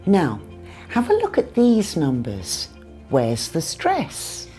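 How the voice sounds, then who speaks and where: A woman with a British accent teaching English pronunciation in a scripted lesson, saying numbers clearly and deliberately. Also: low-pitched, wildly swooping pitch, warm tone, faint music behind. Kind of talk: scripted lesson with acted skits.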